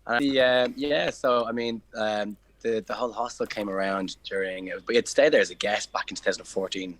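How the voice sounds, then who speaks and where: A man's voice: lowish voice, steady tone, fairly quick, fairly bright tone, slight background noise, low-quality recording. A man in his thirties with a Dublin accent, a podcast guest telling travel stories in a chatty way, full of fillers and restarts. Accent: Dublin Irish. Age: 30s. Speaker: podcast guest, hostel co-owner. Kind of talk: casual storytelling interview.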